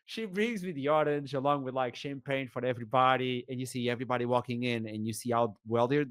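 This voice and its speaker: A young man with a Portuguese accent, an esports caster guesting on a podcast, telling an animated story with laughs and sudden shouts. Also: medium pitch, fast, few pauses, clear, resonant tone, dry recording, clean studio sound. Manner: animated, acts out scenes, laughs often, bursts into shouts.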